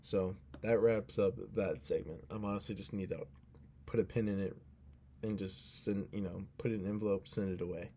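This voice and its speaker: A man's voice: low voice, steady tone, moderate pace, warm tone, a little hiss or hum. A young man hosting a casual solo podcast, talking in an earnest, rambling way and cutting himself off, sounding drowsy. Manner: rambling, earnest, self-interrupting. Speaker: podcast host.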